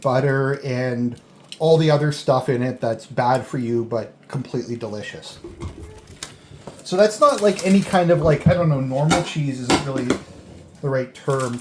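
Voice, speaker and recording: Casual food-vlog host, rambling between bites, mid pitch, roomy echo, faint dish clatter. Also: darkish tone, a little hiss or hum. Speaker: food vlogger. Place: indoors at home, eating a delivered meal. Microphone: camera on a tripod.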